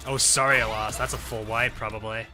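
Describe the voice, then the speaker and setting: A man's voice: lowish voice, level tone, brisk, over music. A man streaming a game, talking casually to himself as he plays and reacts to what happens. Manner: talks to himself while playing, reacting to the game. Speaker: gaming streamer. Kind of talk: casual gameplay commentary.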